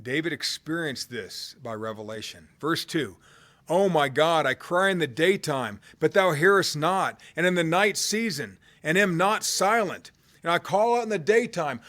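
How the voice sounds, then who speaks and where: A man preaching a sermon in a conversational way, swinging from loud cries to hushed low tones. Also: lively intonation, moderate pace. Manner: conversational, with fillers and restarts.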